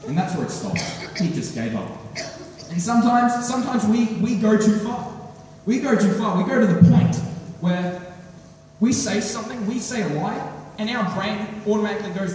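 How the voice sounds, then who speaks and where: A teenage boy performing a stand-up routine, telling a story with animated delivery and acting out lines. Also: sits high, normal speed, a little hiss or hum. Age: teens. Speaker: student comedian. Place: school hall. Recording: echoey hall from far off.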